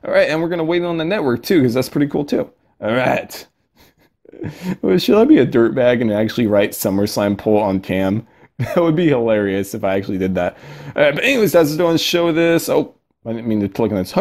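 Excitable young man chatting over gameplay. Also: medium pitch, fairly quick. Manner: excitable, chatty, giggling, sudden yelps. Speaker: mobile game commentator. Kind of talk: casual gameplay commentary.

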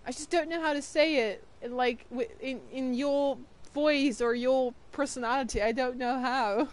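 A young woman streaming a game, chatting casually with viewers, tired and yawning, with excited bursts of greeting. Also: sits high, moderate pace. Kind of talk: casual live-stream chat.

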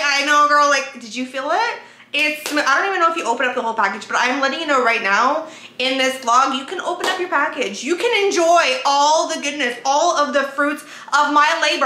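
A woman vlogger chatting casually to her viewers in an excitable, chatty way, swearing now and then. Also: high-pitched, normal speed. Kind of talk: casual haul vlog chat. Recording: echoey room with faint background noise.

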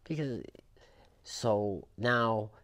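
A man with a Boston accent, a podcast guest telling prison stories in a loud, profane, animated way, acting out the quotes. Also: on the low side, very slow. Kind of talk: casual storytelling interview.

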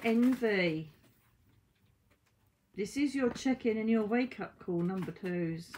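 A woman's voice: mid-range voice, a little mellow. Brief: woman, psychic card reader, chatty and blunt, casual at-home delivery, salty asides. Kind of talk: casual oracle card reading. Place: at home by window blinds.

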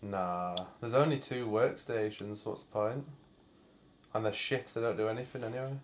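A man's voice: on the low side, normal speed, background noise. A man hosting a gameplay video, chatting casually and swearing in exasperated banter with a friend while playing. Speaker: gaming channel host.

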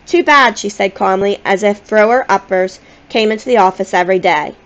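A woman's voice: medium pitch, a little fast. Woman reading a children's novel, muffled. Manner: gentle, expressive storytelling. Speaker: audiobook reader.

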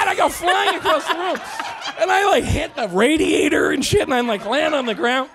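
A middle-aged man casually telling an animated anecdote in an interview, acting out voices, laughing and swearing often. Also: very high-pitched, quick pace, few pauses, crowd noise. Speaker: actor telling stories.

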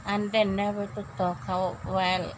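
A woman's voice: medium pitch, little pitch movement, moderate pace, noisy background. An older woman, a grandmother talking to her granddaughter at bedtime in a casual home vlog, coaxing, repeating herself and laughing often. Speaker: grandmother vlogger. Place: bedroom at home.

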